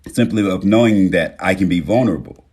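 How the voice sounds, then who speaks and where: Deep voiced guy on a live stream, swearing casually, calling everyone y'all. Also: brisk, husky. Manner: loose, profane, addresses viewers as y'all; reads viewer names with warm affirmations. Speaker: livestream host. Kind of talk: casual livestream chat.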